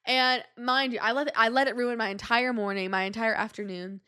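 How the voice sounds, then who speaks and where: A chatty young woman hosts her own podcast and tells a story from her day. Her voice sits a little high, and she jumps into quoted voices as she goes. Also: fairly even intonation, a little fast, pushed and bright, smooth. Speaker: podcast host. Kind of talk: casual storytelling monologue.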